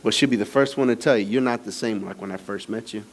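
A middle-aged male pastor preaching a sermon in a church, moving between conversational, teasing asides to the congregation and animated, rising emphasis. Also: on the low side, quick pace, slight background noise. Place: church sanctuary.

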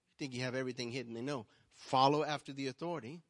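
Man preaching, swinging from quiet to loud. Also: mid-range voice, steady tone, very fast. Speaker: pastor. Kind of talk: sermon. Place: church hall. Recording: long hall reverb.

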